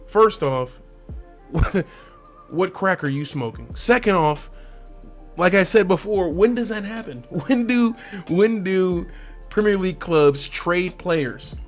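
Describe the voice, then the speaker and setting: A man hosting a casual football transfer talk, animated and slangy, laughing often and asking the fans questions directly. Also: high voice, takes it slowly, soft background music. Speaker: sports channel host.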